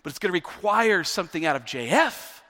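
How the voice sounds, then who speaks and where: High-voiced, emphatic male preacher. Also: sing-song, fairly quick, in a large hall. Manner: emphatic, repeats words, builds to near-shouting. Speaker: pastor. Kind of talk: sermon.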